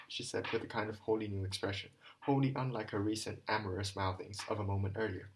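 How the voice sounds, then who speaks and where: A man's voice: fairly low pitch, fairly even intonation, quick pace, few pauses, poor audio. A man reading a classic novel aloud as an amateur audiobook narrator, with occasional stumbles and rereads. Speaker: audiobook reader.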